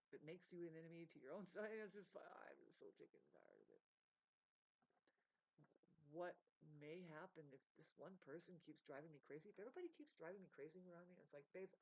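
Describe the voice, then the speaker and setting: A woman's voice: on the low side, sing-song, a little fast, lo-fi sound. A woman giving an unscripted, rambling rant to camera, emphatic and full of swearing and digressions. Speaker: vlogger.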